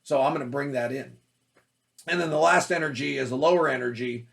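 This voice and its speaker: Loud, energetic male acting coach. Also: mid-range voice, fairly quick, gravelly. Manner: loud, forceful, energetic delivery. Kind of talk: teaching talk on auditioning.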